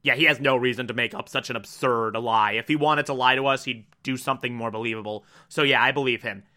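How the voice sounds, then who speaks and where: A man voicing a detached young male detective who speaks low and hushed. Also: fairly even intonation, quick pace. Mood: flat.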